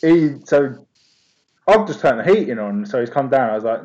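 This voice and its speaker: Young man, laid-back cheeky storyteller, mid pitch, easygoing chat. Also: expressive, normal speed, darkish tone, highs cut off.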